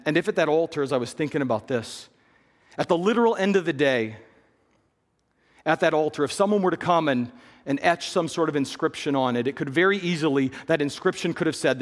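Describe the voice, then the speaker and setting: Dynamic preaching man in a reverberant hall. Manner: dynamic preaching, swinging between hushed low lines and loud raised bursts. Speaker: pastor. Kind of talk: sermon.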